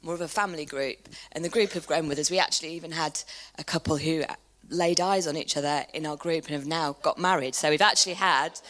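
A woman in her thirties, a small group leader being interviewed on a church stage, chatty and quick to laugh. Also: low-pitched, fairly even intonation, a bit bright.

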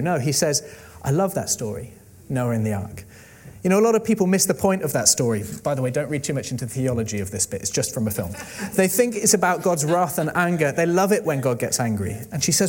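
A man preaching a sermon. He retells a film scene with lively storytelling and speaks each quoted line in his own voice. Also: a little high, brisk.

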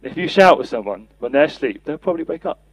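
A man's voice: a little high, lively intonation, fast, husky, no echo, poor audio. A man preaching a sermon, earnest, reading and acting out scripture quotes for a podcast. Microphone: podcast mic.

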